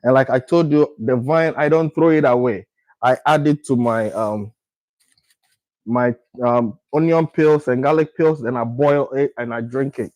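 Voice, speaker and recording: A man's voice: medium pitch, a little mellow, dry recording, low-quality recording. A man from Ghana talking casually through a home cooking video, repeating his words as he works. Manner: repetitive, unhurried, talks while working. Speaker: cooking vlogger.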